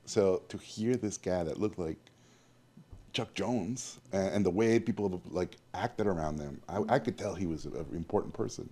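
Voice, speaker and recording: A man with a low, dark, mellow voice tells stories from his past in an interview. He is animated and acts out the people he quotes. His sound stays warm and relaxed throughout. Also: moderate pace, husky. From Mexico. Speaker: guest animator. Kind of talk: storytelling interview.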